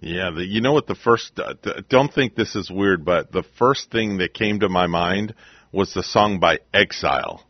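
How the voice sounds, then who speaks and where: A man's voice: low voice, expressive, moderate pace, no echo, highs cut off. A man hosting a morning radio show, laid-back and playful with his co-hosts. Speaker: radio host. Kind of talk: casual morning radio banter.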